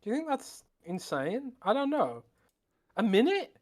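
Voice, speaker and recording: A man co-hosting a casual podcast and reading a sponsor ad live, jokey and chatty, with loud and soft stretches. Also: big pitch swings, unhurried. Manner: jokey, swinging pitch, laughs through the read. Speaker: podcast co-host. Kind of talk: casual chat and live ad read. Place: traveling, on a laptop.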